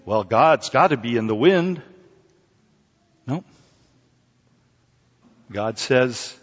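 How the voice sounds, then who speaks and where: A middle-aged man preaching a sermon, swinging between loud exclamations and hushed near-whispers, with joking asides. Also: fairly low pitch, takes it slowly, pauses often, in a large hall, dull audio.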